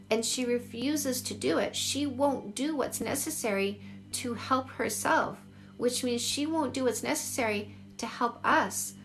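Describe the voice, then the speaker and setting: A woman in her forties with a slightly high, gravelly voice speaks frankly into her phone during a live stream. She is a dating coach answering viewers, and she repeats phrases to drive her points home. Faint music plays behind her. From Canada. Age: 40s. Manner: candid, emphatic, repeats phrases. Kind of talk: livestream chat answering viewer comments.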